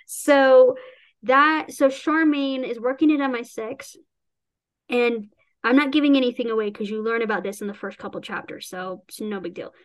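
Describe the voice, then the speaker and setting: Speaking at a normal speed in a voice on the high side, a woman talks casually about the novel she wrote. She laughs a lot, rambles with restarts, and performs the quotes she cites.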